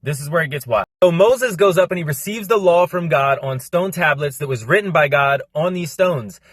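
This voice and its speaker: A young man explaining a Bible story in a fast, casual, slangy monologue, cramming it in with lots of energy. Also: fairly high pitch, fairly bright tone, no echo, clean studio sound. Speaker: Christian content creator.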